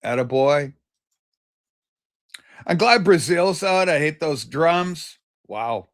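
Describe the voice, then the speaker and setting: A man hosts a loose, casual livestream and talks on in a rambling way. He greets viewers by name and reads their comments aloud. His voice sits fairly high. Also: lively intonation, slow. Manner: loose and chatty, with many fillers and restarts. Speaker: livestream host.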